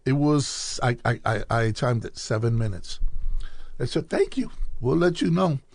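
A man's voice: mid-range voice, lively intonation, moderate pace, vocal fry, no room sound. A man from Chicago, a podcast guest telling his life story in casual talk, acting out quoted dialogue as he goes.

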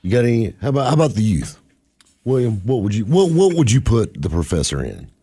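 A man's voice: lowish voice, sing-song, fast, mellow, husky, no echo. A man hosting a radio show, teasing his co-hosts and laughing often in casual banter.

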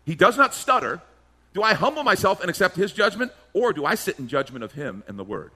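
A man's voice: sits high, very animated, fairly quick, pushed and bright. A male pastor preaching a sermon emphatically, firing off rhetorical questions and slipping into mimicked voices.

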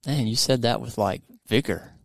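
Upbeat gravelly male podcast host. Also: medium pitch, moderate pace, no room sound, clean studio sound. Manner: upbeat, playful, teasing. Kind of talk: casual podcast chat. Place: studio.

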